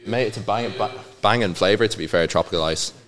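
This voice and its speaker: A man's voice: fairly low pitch, a little fast, a bit bright. A man hosting a podcast, joking and teasing in casual banter. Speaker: host.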